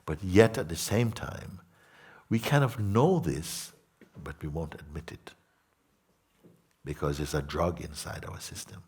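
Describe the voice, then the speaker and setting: A man giving a spiritual satsang talk to an audience, gentle and unhurried, repeating simple phrases and asking his listeners questions. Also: deep voice, slightly rough. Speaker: spiritual teacher.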